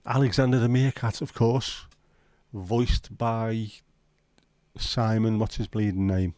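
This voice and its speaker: A man's voice: on the low side, fairly even intonation, slow, warm tone, no room sound. A man with a Liverpool accent hosting a casual livestream chat, rambling and sweary as he banters with viewers. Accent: Scouse. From Liverpool, England. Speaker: livestream host.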